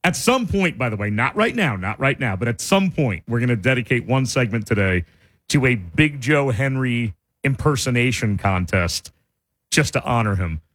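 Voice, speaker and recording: Speaking at a moderate pace with a medium-pitched voice, a man co-hosts a radio show from the studio. He tells stories through relaxed back-and-forth, full of animation and frequent laughter.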